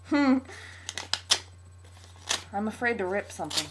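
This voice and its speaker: A young woman opening a gift on her home vlog, gushing with excitable, breathless exclamations. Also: mid-range voice, normal speed, long pauses, noisy background. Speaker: vlogger.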